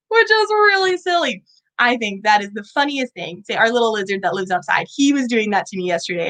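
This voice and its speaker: Bubbly, sing-song woman educator, a bit high-voiced, teaching kids indoors at an animal center. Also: a bit bright, rough recording. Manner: bubbly, sing-song, asks children questions. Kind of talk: kids' lesson.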